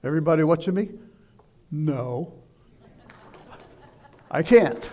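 A man preaching a sermon, loud and emphatic, shouting exhortations and dropping into quiet asides. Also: fairly high pitch, animated, slow. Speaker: pastor.

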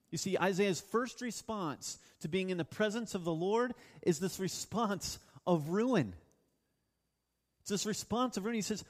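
High-voiced man preaching in a reverberant hall. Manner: earnest, emphatic preaching with slow drawn-out stresses. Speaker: pastor. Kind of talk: sermon. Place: church hall. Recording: long reverb of a church hall.

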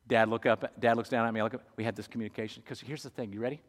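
A man preaching a storytelling sermon, moving from loud to hushed, in a church. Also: mid-range voice, fairly even intonation, very fast, hardly any pauses. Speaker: pastor. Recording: echoey hall.

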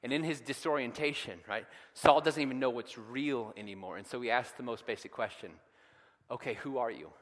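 A man preaching a sermon with a bright, forceful edge to his voice, retelling scripture dramatically and building to loud, emphatic peaks. His voice carries a long reverb, as if filling a big church sanctuary. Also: medium pitch, fairly quick, few pauses. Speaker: pastor.

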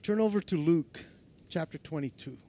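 A man preaching a sermon as pastor, laughing often and acting out quotes, moving from loud to hushed. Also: on the high side, normal speed.

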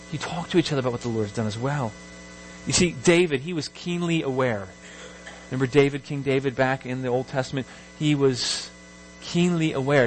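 A man preaching a sermon as pastor, reading scripture aloud with rising emphasis and an expressive delivery. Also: mid-range voice, a little hiss or hum, poor audio.

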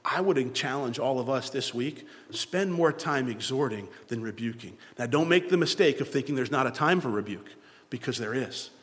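A man preaching a sermon in a church, swinging between loud, emphatic lines and hushed ones. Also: mid-range voice, lively intonation, normal speed, long reverb tail. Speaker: pastor.

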